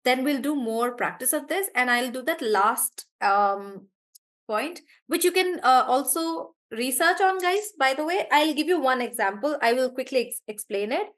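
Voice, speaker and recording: A woman's voice: high voice, lively intonation, moderate pace, fairly bright tone. A woman teacher, chatty in a live online class, explaining word stress through spoken examples. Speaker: English pronunciation teacher.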